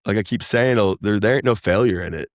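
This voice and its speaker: A man, chatting casually as a podcast guest, rambling and animated. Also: lowish voice, fast talker, no echo, studio quality. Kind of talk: casual chat.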